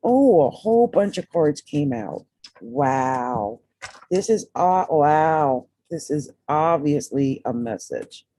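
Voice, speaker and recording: A woman's voice: sits low, sing-song, slow, warm tone, a little hiss or hum. A woman giving a casual tarot reading, chatty and emphatic, often repeating the sign's name, her voice dry. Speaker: tarot reader and astrologer.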